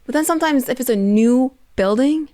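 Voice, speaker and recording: Woman, 30s, from Ukraine, interview guest, animated, mimics others. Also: high-pitched, fairly quick, dry recording, studio quality. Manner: animated, acts out voices of others. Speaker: interview guest, Paralympic athlete. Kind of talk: casual interview chat.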